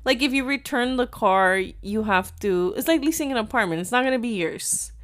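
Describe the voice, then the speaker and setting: A woman's voice: a little high, lively intonation, normal speed. A woman in her thirties telling viewers a personal story in a chatty, filler-heavy way, mixing in Spanish words. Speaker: vlogger.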